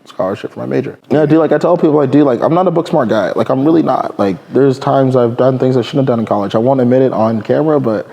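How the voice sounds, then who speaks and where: Chatty man, mellow voice, laughing. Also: medium pitch, fast talker, vocal fry, hardly any pauses, dull audio. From California. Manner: rambling, laughing, heavy use of "like" and "dude". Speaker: podcast guest. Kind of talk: casual storytelling chat.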